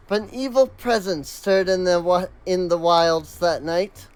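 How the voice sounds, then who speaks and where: A man's voice: high-pitched, clear, resonant tone, rough recording. A man voicing an earnest young woman hunter from a remote village, polite and with a put-on accent.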